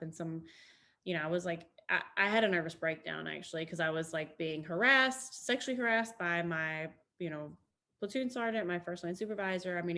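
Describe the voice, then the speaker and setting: A woman's voice: lowish voice, fairly bright tone. A woman Army veteran, a guest, talking in a casual, rambling way with many restarts and fillers. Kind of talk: casual conversation.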